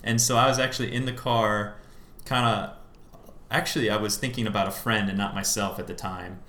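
A man, a musician guest on a podcast, telling the story behind his song in a relaxed way, full of fillers. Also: on the low side, a little fast, roomy sound. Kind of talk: casual podcast interview.

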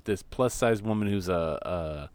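A man co-hosting a podcast in casual chat, swearing freely and retelling scenes with animated energy. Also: fairly low pitch, moderate pace, a little hiss or hum. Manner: profane, animated storyteller. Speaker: podcast co-host.

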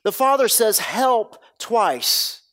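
A man with a slightly high voice preaches to his church. He tells the story dramatically, jumping from loud bursts to hushed, low lines. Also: very animated, slow. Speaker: pastor. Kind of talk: sermon.

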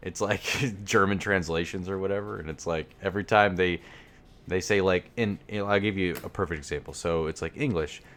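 A man's voice: sits low, fairly even intonation, normal speed, a bit bright. A man co-hosting a podcast in casual chat, reading ad copy with playful emphasis and laughing often. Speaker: podcast co-host.

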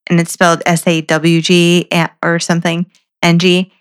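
A woman's voice: lowish voice, monotone, moderate pace, smooth. An American woman co-hosting a podcast, chatting casually and rambling with many "um"s. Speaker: podcast co-host. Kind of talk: casual chat.

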